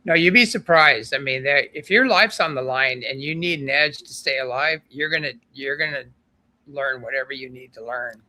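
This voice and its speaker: Man guest, chatty storyteller, bright forceful voice, laughs between stories. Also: medium pitch, normal speed. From American desert. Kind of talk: casual conversation.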